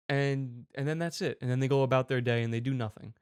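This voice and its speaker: A man's voice: medium pitch, brisk, hardly any pauses, clean tone, dry recording, studio quality. A man in his twenties hosting a commentary show, ranting angrily and sarcastically with lots of swearing. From United States. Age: 20s. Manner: angry, profane, sarcastic.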